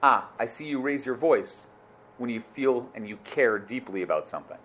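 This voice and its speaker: A man voicing an evasive wealthy man who speaks low, quiet and dismissive. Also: animated, normal speed, slight background noise, natural voice, low-quality recording. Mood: calm.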